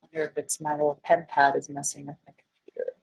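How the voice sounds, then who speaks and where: A woman's voice: sits low, little pitch movement, fast, vocal fry, darkish tone, breathy edge, poor audio. A woman chemistry teacher giving a class lecture, chatty and self-deprecating, getting flustered by tech trouble.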